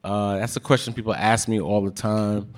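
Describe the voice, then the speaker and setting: A man's voice: fairly low pitch, flat delivery, moderate pace. A man telling a story on a live stage, rambling and acting out the lines he quotes. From Brooklyn, New York. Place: live show in a ballroom.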